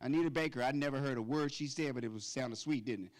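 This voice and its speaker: A man in his fifties performing a stand-up comedy routine at a gala, animated and breaking into high falsetto song snippets. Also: fast talker. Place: event stage before a live audience.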